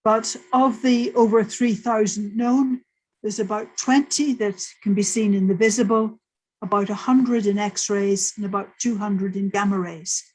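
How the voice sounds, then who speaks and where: Older female lecturer, slightly husky, mid-pitched, storytelling talk. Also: fairly even intonation, measured pace, low-quality recording. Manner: vivid present-tense storytelling, explains plainly. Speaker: astrophysicist giving a talk. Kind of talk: lecture told as a personal story.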